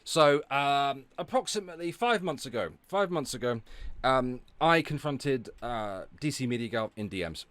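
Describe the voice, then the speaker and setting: A man's voice: medium pitch, lively intonation, normal speed, no room sound. A man streaming live, ranting with heavy swearing and sarcasm and stopping to thank viewers for donations. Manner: profane, sarcastic, loud outbursts. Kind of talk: ranting livestream chat.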